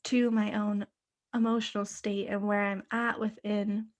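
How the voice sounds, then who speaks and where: A woman hosting her own podcast, talking casually on her own, full of fillers and swearing, and sometimes dropping to a soft whisper. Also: medium pitch, little pitch movement, measured pace. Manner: chatty, many fillers, frequent swearing. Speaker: podcast host. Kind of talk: casual solo podcast monologue.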